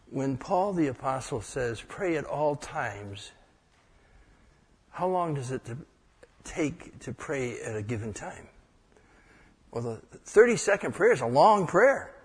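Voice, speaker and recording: A man's voice: a little high, breathy edge. A man preaching an informal sermon as pastor, folksy and joking, acting out short prayers. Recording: echoey hall with long reverb.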